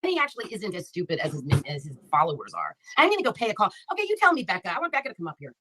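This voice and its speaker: Bright, lively woman ranting and taunting. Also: fairly low pitch, rapid-fire, breathy edge, dry recording. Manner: profane, taunting, insulting viewers by name. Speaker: livestreamer. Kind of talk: angry livestream rant.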